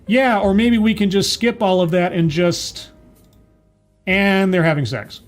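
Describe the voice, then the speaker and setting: A man with a fairly high voice reviews a TV episode in a loose, chatty recap. His delivery is sarcastic and mocking. Faint music sits under the voice. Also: unhurried. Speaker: TV show reviewer.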